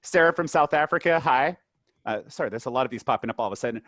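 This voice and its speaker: A man of medium pitch hosts a webinar over a video call, chatting casually with plenty of fillers. The sound is dry and close, with no room echo. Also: animated, fast talker, a bit bright. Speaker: community program manager, webinar host. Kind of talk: hosting a webinar.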